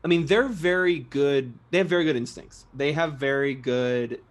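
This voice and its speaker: A man's voice: mid-range voice, moderate pace. A young man, a guest singer, talking casually in an interview, chatty and self-deprecating, laughing often and restarting sentences.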